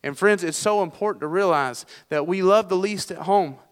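A man's voice: high-pitched, normal speed, smooth, long reverb tail. A middle-aged man preaching a sermon as pastor, folksy and self-deprecating, with frequent restarts.

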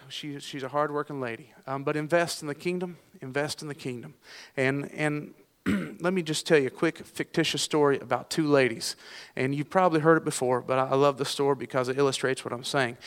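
Male pastor preaching, middle-aged, folksy, self-deprecating, resonant voice, slightly high. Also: long reverb tail. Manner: folksy and self-deprecating, frequent restarts and fillers. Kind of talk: sermon.

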